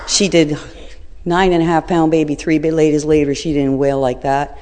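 A middle-aged woman telling a personal story in a blunt, colloquial, animated way. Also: low-pitched, moderate pace, big-room sound, a little hiss or hum.

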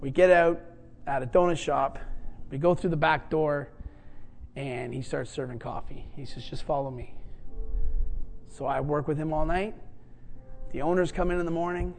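A man preaching through a story from his own life, jumping into the voices of the people he quotes. His voice sits high for a man, and soft music plays faintly behind him. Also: moderate pace, vocal fry, long pauses. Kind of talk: sermon storytelling.

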